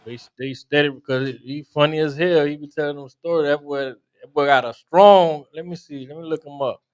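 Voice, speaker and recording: A man's voice: on the high side, steady tone, a little fast. A man in casual, profane, joking chat about basketball. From South Florida. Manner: loose, profane, laughing banter. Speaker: co-host.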